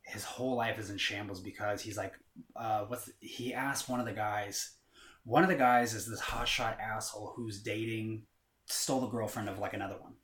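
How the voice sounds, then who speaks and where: A man's voice: fairly low pitch, steady tone, normal speed, a bit bright. A man talking in a casual chat, rambling with lots of filler words and casual swearing. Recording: roomy echo.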